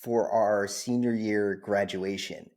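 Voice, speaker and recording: A man's voice: fairly low pitch, takes it slowly. A man in his thirties telling stories in a casual podcast chat, acting out the people in them. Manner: animated storyteller, acts out family voices.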